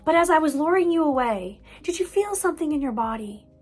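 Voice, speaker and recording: A woman voicing a calm adult male child-safety coach, speaking gently to children about what they felt. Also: sits high, fairly quick, soft background music.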